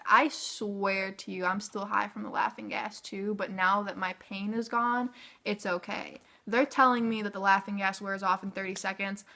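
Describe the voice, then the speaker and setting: Young woman vlogger, bright tone, casual filler-heavy storytelling. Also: medium pitch, normal speed. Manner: chatty, filler-heavy "like", animated retelling.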